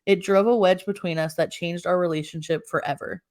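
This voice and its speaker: A woman's voice: on the low side, fairly even intonation, brisk, a little mellow. A woman co-hosting a podcast, reading a first-person story aloud with laughing asides and self-corrections.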